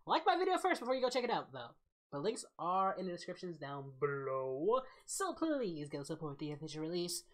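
A woman hosting a casual reaction video, bursting into loud exclamations and then rambling as she thinks aloud. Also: deep voice. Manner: excitable, loud outbursts and exclamations.

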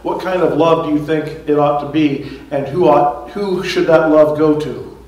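A man's voice: on the high side, steady tone, normal speed, darkish tone. A man giving a conversational sermon as pastor, chuckling at his own asides. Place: church sanctuary. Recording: echoey church hall, mic far off.

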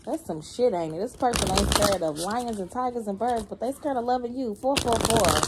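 A woman giving a casual spiritual card reading, animated and slangy, humming and laughing between lines. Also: a little high, brisk, very noisy. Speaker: tarot reader.

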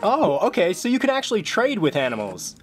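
Lively, playful gameplay commentator. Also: medium pitch, brisk. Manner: playful, jokey, excitable outbursts. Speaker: gameplay video journal host. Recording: game music clearly behind the voice.

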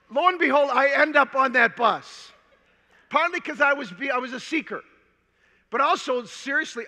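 An older man from Minnesota giving a conference talk, telling a personal story in an animated, humorous way before a large audience. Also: extremely high pitch. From Minnesota, USA. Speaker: conference speaker. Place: large hall. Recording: long hall reverb.

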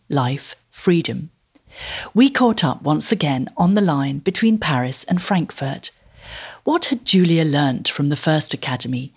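A woman hosting a podcast, narrating a script and asking interview questions in a measured, even way. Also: low voice, slightly rough. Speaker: podcast host.

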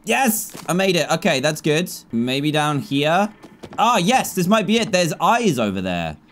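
Excitable man playing a game. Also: fairly high pitch, measured pace, a little hiss or hum. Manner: excitable, jumps between muttering and yelling. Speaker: gaming YouTuber. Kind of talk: gameplay commentary.

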